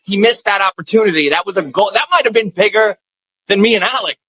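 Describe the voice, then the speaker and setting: A man's voice: fast talker, a bit bright, slightly rough, no echo, rough recording. A male comedian telling a story in an interview, theatrical, acting out the voices of other people. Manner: theatrical, acts out voices with big pitch jumps. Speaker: comedian and impersonator guest.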